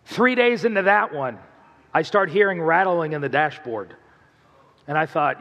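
A man's voice: fairly high pitch, expressive, measured pace, in a large hall, highs cut off. A male pastor preaching a sermon, telling stories in a conversational way and asking the congregation questions.

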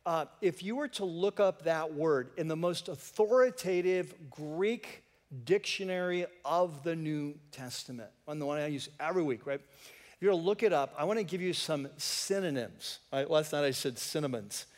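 A man's voice: fairly high pitch, animated, normal speed. A man preaching a sermon to his congregation, talking conversationally and throwing in joking asides. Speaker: pastor. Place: church sanctuary. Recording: long reverb of a church hall.

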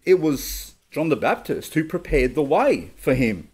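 Animated man preaching a sermon. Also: a little high, a little slow, husky. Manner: conversational preaching, asks and answers his own questions; reads scripture aloud in King James wording. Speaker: pastor.

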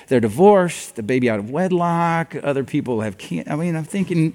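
A man's voice: a little high, brisk, few pauses. An older man preaching a sermon as a pastor, telling stories and acting out the dialogue with animation. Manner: animated storytelling that acts out dialogue. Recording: long reverb of a large hall.

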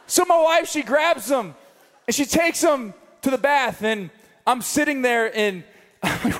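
A young man preaching a sermon, telling a story with animated comic asides. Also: very high-pitched, measured pace. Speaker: pastor. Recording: long reverb of a large hall.

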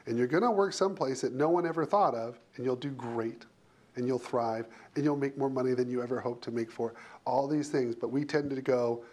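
A man's voice: medium pitch, brisk, a little mellow. Punchy, emphatic male HR leader. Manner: emphatic, punchy short phrases with repetition. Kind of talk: speaking as guest on a panel.

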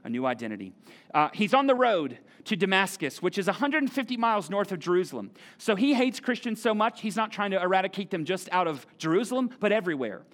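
Animated preaching man, slightly high voice. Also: quick pace. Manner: animated, conversational preaching with repeated phrases. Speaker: pastor. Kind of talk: sermon. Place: church auditorium.

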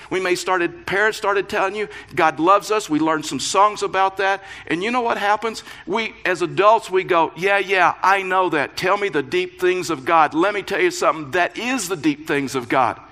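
A pastor preaching a sermon, reading scripture and explaining it with earnest emphasis and playful asides. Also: male voice, sits high, sharp tone.

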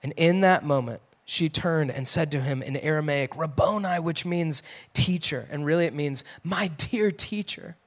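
High-voiced man teaching scripture casually. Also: normal speed. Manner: conversational, acts out quotes in a raised voice, drops to a hush for emphasis.

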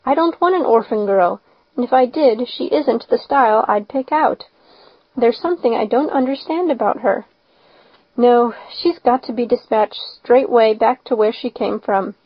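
A woman voicing a stern, strict older spinster who speaks in a sharp, scolding way. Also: on the high side, moderate pace, husky, no echo. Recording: slightly dull lo-fi recording.

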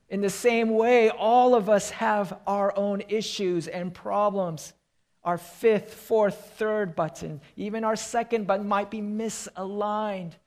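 A male pastor with a voice that sits high preaches a sermon, telling illustrative stories. He drops into quiet emphasis on his key points.

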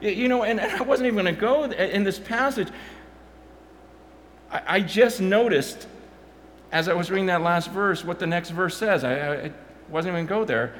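A man preaching a sermon on a stage, telling a story with passion and frequent stammering restarts, at times nearly shouting. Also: high voice, normal speed, a little hiss or hum.

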